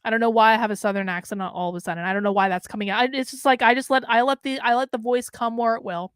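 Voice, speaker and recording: A woman hosts a commentary show, reading news items aloud and breaking off into sarcastic, scornful asides. Her voice sits a bit high, and she wanders through her points. The recording is dry and close. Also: fast, hardly any pauses, clear, resonant tone, no echo. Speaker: political commentary host.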